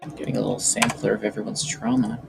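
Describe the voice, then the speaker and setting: A man's voice: fairly low pitch, flat delivery, fast, creaky, over music. A man playing a tabletop game, making offhand jokes about his character's actions. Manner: joking, offhand banter. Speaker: player. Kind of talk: casual tabletop play.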